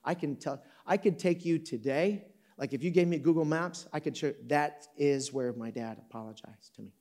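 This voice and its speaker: At a moderate pace, a man in his fifties from Michigan preaches in a slightly mellow, high-leaning voice. The pastor speaks conversationally to a live audience in an auditorium, telling a story with jokes and self-corrections.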